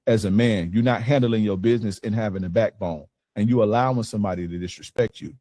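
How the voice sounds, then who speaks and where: A man's voice: lowish voice, fast talker, mellow, no room sound. Blunt cussing dating coach guy, aave, dry close sound. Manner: blunt, profane, emphatic. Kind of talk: casual coaching talk to a group.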